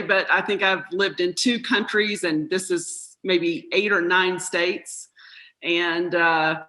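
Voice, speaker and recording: A woman's voice: fairly low pitch, bright, forceful tone, low-quality recording. A middle-aged woman from North Carolina with a Southern accent, chatting as a podcast guest and telling stories with easy laughs. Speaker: guest, mindset coach. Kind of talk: podcast interview.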